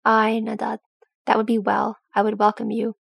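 A woman voicing a proud, hot-tempered young male dwarf prince in a fan story reading, speaking in a clipped, forceful way. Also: a little high, monotone, moderate pace, vocal fry, breathy edge, dry recording, clean studio sound, exaggerated voice. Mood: subdued.

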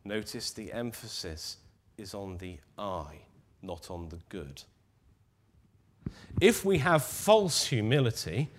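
Measured male preacher. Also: medium pitch, expressive. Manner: measured, emphatic, drops to near-whisper on key words. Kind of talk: sermon.

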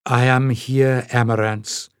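A man reading an audiobook, voicing a young woman who speaks quickly and softly, at times close to a whisper. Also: medium pitch, dry recording, close to an everyday voice. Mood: urgent, gentle. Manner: quick, soft, hushed at times. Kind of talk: audiobook character voice.

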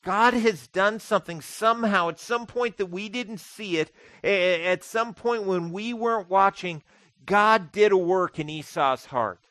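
A man's voice: high voice, unhurried, fairly bright tone, no room sound, low-quality recording. A man preaching a sermon as pastor, conversational with dry humor and emphatic repetition. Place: church sanctuary.

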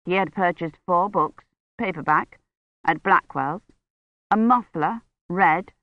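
A narrator reading a novel aloud in a measured, even storytelling voice. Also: medium pitch, no echo. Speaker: audiobook narrator. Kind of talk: scripted audiobook narration. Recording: dry, dull lo-fi recording.

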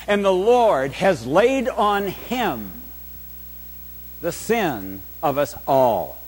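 A man preaching a sermon in a church, slow and emphatic, putting rhetorical questions to the congregation. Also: high voice, very animated, husky, big-room sound. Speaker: pastor.

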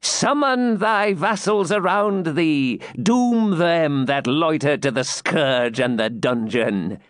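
A man reading aloud and voicing a vengeful, gloating old woman, slow, grim and mocking. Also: a little high, lively intonation, no room sound, studio quality. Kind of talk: audiobook character reading.

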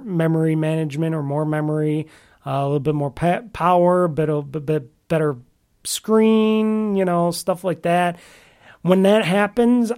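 This is a mellow, mid-range voice hosting a casual solo podcast about games. The talk wanders with frequent sentence restarts, delivered offhandedly with some mild grumbling.

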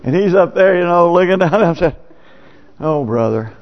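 A man's voice: high voice, flat delivery, a little fast. Preaching man in a reverberant church. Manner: conversational preaching, plain and folksy. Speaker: pastor. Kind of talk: sermon. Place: church sanctuary. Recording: dull lo-fi church recording with long reverb.

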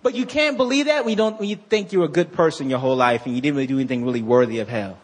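A man with a husky, rather high voice preaches a sermon to his congregation. He calls out for responses and swings between slow scripture reading and excited asides.

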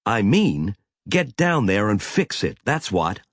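A man voicing a stern, commanding woman starship captain who snaps sharp orders, raising his pitch well above his own. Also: sing-song, takes it slowly, no room sound, clean studio sound, heavily acted.

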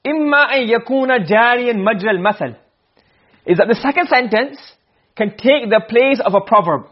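A very high-pitched, expressive man talks fast as he lectures on Arabic rhetoric, reading out Arabic phrases and explaining them in English. He constantly checks whether students follow, asking "okay?" and "you understand?", in a dull lo-fi classroom recording.

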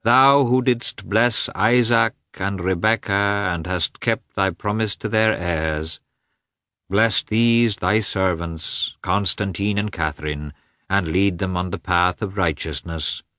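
A man voicing a weary, meek older priest, reading a wedding prayer in a slow sing-song chant. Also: low voice, sharp tone, no echo, clean studio sound, exaggerated voice. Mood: solemn chant.

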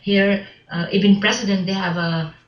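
Woman guest with a foreign accent, halting. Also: mid-range voice, steady tone, reverberant, muffled recording. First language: not English. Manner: halting, repeats words, broken grammar, laughs often. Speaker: actress and filmmaker guest. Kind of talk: casual interview.

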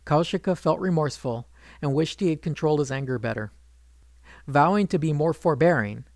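Guy reading an old legend out loud, kinda high voice, steady and even, dry close mic. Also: dry recording. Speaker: storyteller. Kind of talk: scripted narration of a retold legend.

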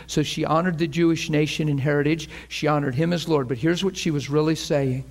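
A man preaching a sermon, animated and emotional, acting out scripture scenes and breaking into laughter. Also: fairly high pitch, moderate pace.

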